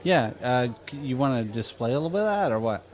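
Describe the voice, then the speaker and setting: A man's voice: mid-range voice, lively intonation, fast talker, a little mellow. Casting: male co-host, mid voice, dry teasing banter. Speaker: podcast co-host. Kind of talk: casual comedy chat.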